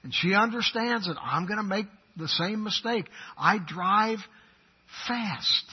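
A man preaching a sermon as pastor, swinging from loud, emphatic declarations to quiet, intimate asides. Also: high-pitched, lively intonation, unhurried, slightly rough, highs cut off.

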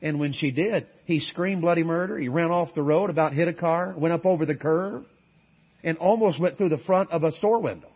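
A middle-aged man preaching a sermon, swinging from loud exhortation to quiet earnest asides and calling on the congregation for amens. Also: a little high, fairly quick, breathy edge, lo-fi sound. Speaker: guest preacher.

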